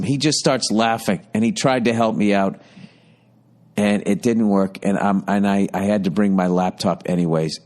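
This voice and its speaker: A man's voice: lowish voice, a little mellow. A man in his fifties hosting a podcast, telling a rambling comedic story with constant swearing and exasperated ranting. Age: 50s. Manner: profane, exasperated, rapid ranting. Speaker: podcast host. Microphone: podcast studio mic.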